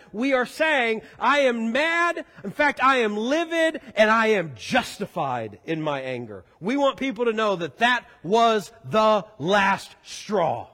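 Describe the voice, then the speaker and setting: A man's voice: extremely high pitch, fairly bright tone. A man preaching a sermon as pastor in a church sanctuary, talking in a conversational, joking way. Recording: echoey hall.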